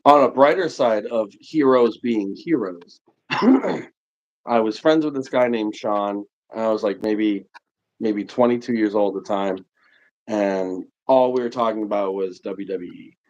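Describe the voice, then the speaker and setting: A man's voice: fairly low pitch, a little slow. A man in his forties from New England, telling a long casual anecdote full of fillers on a livestream. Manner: rambling, animated anecdote telling with many fillers. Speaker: livestream host. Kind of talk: casual storytelling chat. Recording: muffled lo-fi stream audio.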